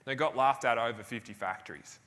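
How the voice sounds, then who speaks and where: Bright-voiced Australian man in a reverberant hall. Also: medium pitch, brisk. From Tasmania, Australia. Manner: anecdotal, self-deprecating, laughs between phrases. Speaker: keynote speaker. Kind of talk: motivational stage talk, storytelling. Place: large hall on stage. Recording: live hall with long reverb.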